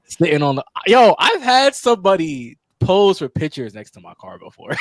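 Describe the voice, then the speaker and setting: A man's voice: high voice, wildly swooping pitch, moderate pace, no echo. Young guy on a podcast, chill and laughing, dry close mic. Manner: laid-back, laughs while telling stories. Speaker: podcast co-host. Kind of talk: casual chat.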